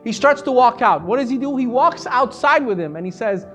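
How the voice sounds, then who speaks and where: Animated rabbi telling a story. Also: male voice, fairly quick, few pauses, highs cut off, faint music behind. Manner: animated storyteller, acting out quoted voices, pitch swinging from soft to loud. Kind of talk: storytelling lesson.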